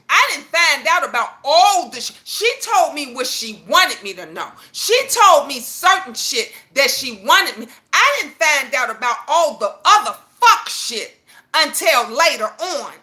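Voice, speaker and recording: A woman hosting her own channel, telling a story in an animated, profane way that rushes ahead at times. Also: high voice. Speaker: channel host. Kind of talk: casual storytelling vlog.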